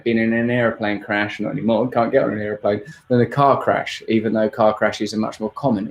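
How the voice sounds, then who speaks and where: A man, hosting a rambling, jokey live-stream Q&A. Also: on the low side. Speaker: host.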